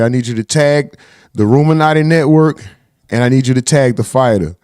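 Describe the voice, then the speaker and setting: A man's voice: mid-range voice, a little mellow, dry recording, clean studio sound. A man hosting a casual livestream, reading chat messages aloud and bantering in loose, profane talk.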